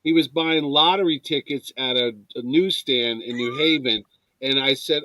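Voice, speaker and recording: A man's voice: mid-range voice, moderate pace, bright, forceful tone, no room sound, poor audio. A man in a casual chat, telling stories and trading old TV trivia. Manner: storytelling, fond of old TV trivia.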